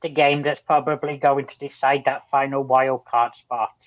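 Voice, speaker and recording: A man's voice: medium pitch, little pitch movement, moderate pace, dry recording. A man co-hosts a sports podcast, and his talk is sardonic and analytical with plenty of swearing. The audio is dry and dull, like a lo-fi setup. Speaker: podcast co-host. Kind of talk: casual chat.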